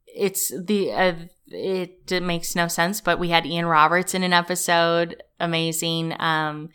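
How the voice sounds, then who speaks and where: Guest comedic actress, woman, Midwest-raised, loose and laughing, clear resonant tone. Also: lowish voice, steady tone, measured pace, fairly bright tone. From American Midwest. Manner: chatty, heavy "like" fillers, laughs often. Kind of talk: casual interview chat.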